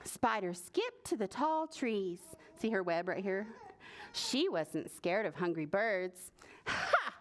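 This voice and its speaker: Librarian reading to preschoolers: woman, slow and deliberate, voice that rises and falls a lot, asks the kids questions. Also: mid-range voice. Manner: expressive, asks children questions. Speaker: children's librarian. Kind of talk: preschool story time read-aloud.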